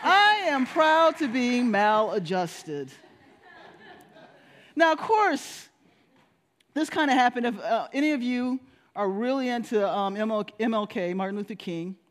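A woman's voice: on the high side, normal speed. A woman pastor giving a sermon in a storytelling manner. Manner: storytelling, with animated voices for quoted people.

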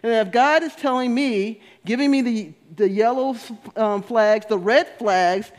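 A man giving a spiritual talk, animated, often laughing and repeating words for emphasis. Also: very high-pitched, unhurried. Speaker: spiritual speaker. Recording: long hall reverb.

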